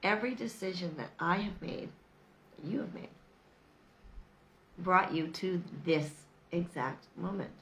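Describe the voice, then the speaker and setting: A middle-aged woman gives a chatty motivational talk straight to camera, leaning hard on repeated phrases. Her voice sits a little low and carries a gravelly fry. There is a faint hiss of noise behind her. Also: unhurried, long pauses, a bit bright, low-quality recording. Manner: emphatic, repetitive, chatty with laughs. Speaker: vlogger.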